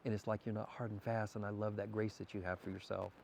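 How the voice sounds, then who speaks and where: A man's voice: on the low side, little pitch movement, quick pace, vocal fry, a little mellow, slight background noise. A man talking as a podcast guest, earnest and spiritual in manner, sometimes stammering as he thinks aloud. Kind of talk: casual conversation.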